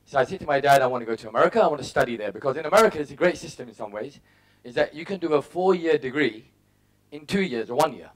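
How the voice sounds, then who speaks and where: This motivational speaker, a middle-aged man from England, shares personal anecdotes and voices his inner thoughts in brief, punchy bursts. He speaks fast, with a fairly high, expressive voice.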